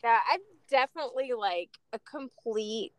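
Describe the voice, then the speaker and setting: A woman author talking through her work in a casual interview, bubbly and quick to laugh. Her voice sits fairly high, and the sound is close and dry with no room. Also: lively intonation, no room sound, poor audio. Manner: bubbly, laughs often, many fillers. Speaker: author guest.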